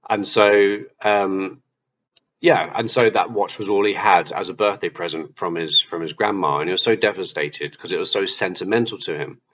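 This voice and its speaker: Sharing a personal testimony, a man who vlogs about his Christian faith acts out the things he once said, full of animation. His voice sits low and moves at a moderate pace, over slightly dull audio with a faint hiss.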